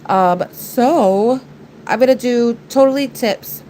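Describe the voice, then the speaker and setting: A woman's voice: fairly high pitch, slow, mellow, slight background noise, poor audio. A woman hosting a nail art live stream, talking in a chatty, rambling way through a stuffed-up, nasal voice. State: congested, nasal. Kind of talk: casual live-stream chat.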